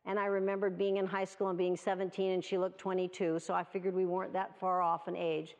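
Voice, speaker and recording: Woman in her 60s, award speech, earnest storyteller, gravelly and fairly low. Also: little pitch movement, fast, a little mellow. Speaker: award speaker. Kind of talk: prepared speech.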